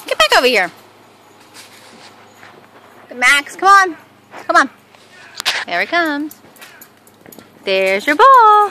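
A woman's voice: high voice, sharp tone, a little hiss or hum. A woman calling and coaxing her pet dogs in a sing-song baby-talk voice. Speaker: pet owner.

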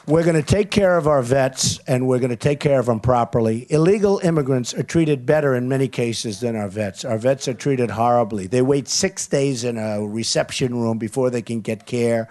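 A man's voice: mid-range voice, moderate pace, darkish tone. A man speaking as a political candidate at a campaign event, repeating lines and leaning on superlatives. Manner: repetitive, boastful superlatives. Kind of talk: campaign rally speech.

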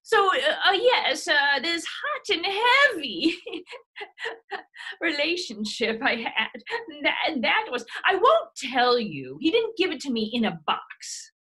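Bright, high, swoopy saucy grandma, a woman doing the voice for an improv comedy bit. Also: big pitch swings, slow pace, exaggerated voice. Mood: reminiscing. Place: home video call.

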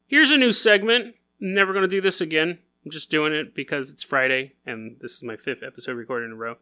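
A man's voice: fairly high pitch, animated, brisk, bright, forceful tone. A man hosting a podcast, telling stories in a casual, joking way, laughing often and acting out silly voices. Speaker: podcast host. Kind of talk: casual comedic storytelling.

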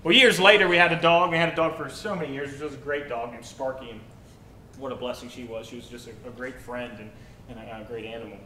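A young adult man preaching a sermon to his congregation, telling personal stories in an animated, joking way. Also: mid-range voice, fast talker, a little hiss or hum. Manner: animated, jokey storytelling. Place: church hall. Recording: roomy church hall.

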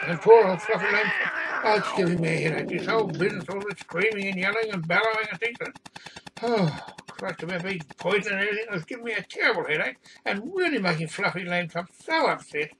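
A man's voice: high voice, lively intonation, fast, very noisy. A man telling a rambling comic story, exasperated and meandering. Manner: meandering, exasperated, doing the other people's voices.

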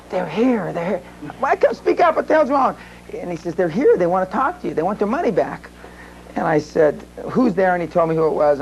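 A man's voice: fairly high pitch, a little mellow, highs cut off, a little hiss or hum. A man speaking at a seminar, telling a long rambling story to a live audience with many restarts and fillers. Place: seminar room.

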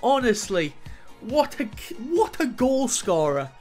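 A young man doing excitable, jokey let's play commentary while he plays a football game, swearing often. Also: very high-pitched, takes it slowly, soft background music. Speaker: gaming YouTuber.

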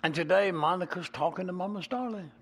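A man with a Georgia Southern accent, preaching a sermon as a pastor and telling folksy stories with animated swings in volume. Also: high-pitched, fairly quick, husky. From Georgia, USA. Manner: animated, folksy, swings between loud and soft.

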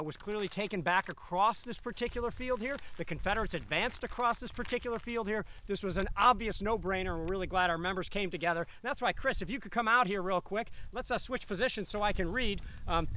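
Upbeat high-voiced host outdoors. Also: male voice, slight background noise. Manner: energetic and chatty, with quick asides. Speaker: host for a preservation organization. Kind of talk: live outdoor presentation. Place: outdoors at the edge of a farm field.

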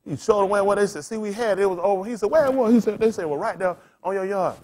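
A man preaching in loose storytelling style as a pastor, blunt and cussing, laughing as he swings between loud bursts and quiet asides. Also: high-pitched, fast talker. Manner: blunt, street-talking, cussing. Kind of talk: storytelling sermon.

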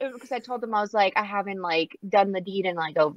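A woman on a casual podcast, telling stories in an animated way and acting out what others said. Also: medium pitch, quick pace. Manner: animated storytelling with quoted dialogue. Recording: lo-fi with loud crowd noise.

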